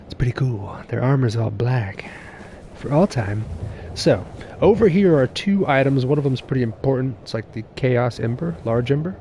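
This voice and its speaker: A young man streaming a game live, excitable and laughing, swearing casually and chatting with his viewers while nursing a sore tooth. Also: medium pitch, normal speed, a little hiss or hum.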